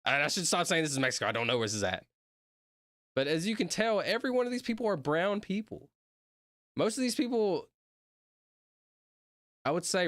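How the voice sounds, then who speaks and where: A Southern US streamer rambles through laid-back commentary while reacting to videos, breaking into sudden excited yelps. His fairly high voice swings widely in pitch, and the recording is dry and close with no echo.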